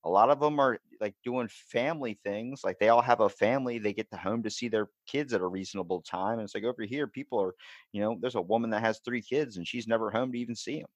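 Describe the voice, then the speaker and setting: Baltimore guy in his 20s hosting a podcast, lowish dry voice, animated, cusses a lot. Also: quick pace, no room sound, highs cut off. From Maryland, USA. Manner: animated, swears freely, acts out quotes. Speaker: podcast host. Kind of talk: casual chat.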